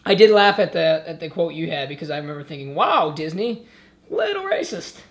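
Sarcastic, blunt podcast co-host. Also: male voice, fairly high pitch, quick pace. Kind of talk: casual movie-review podcast chat.

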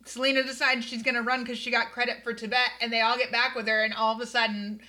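A woman in casual chat, animated and quick to laugh, acting out quotes as she talks. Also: a little high.

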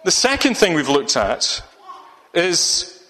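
A man's voice: on the high side, big pitch swings, slow pace, pushed and bright, big-room sound. A man preaching a sermon, rambling and restarting his sentences often. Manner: rambling, with many restarts and fillers.

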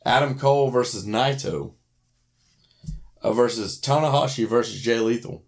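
A man's voice: medium pitch, moderate pace. A man co-hosting a casual podcast chat, wry and profane, reading match lists aloud. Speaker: podcast co-host.

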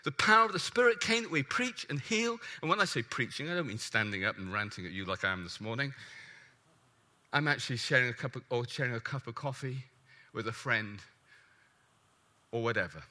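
A man preaching a sermon, emphatic and animated, putting questions to the congregation. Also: mid-range voice, fairly quick.

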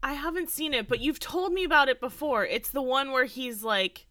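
A woman's voice: high-pitched, normal speed, bright, forceful tone, no echo, clean studio sound. A woman co-hosting a podcast, playful and giggly, trading crude jokes. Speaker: podcast co-host. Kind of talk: casual chat.

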